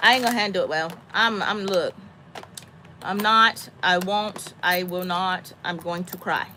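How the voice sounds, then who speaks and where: A woman in her thirties or forties, a mother talking casually with a friend, animated and dramatic, breaking into high squeaky voices when she quotes herself. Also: a little slow, slight background noise. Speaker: homesteading mom chatting with a friend. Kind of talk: casual chat.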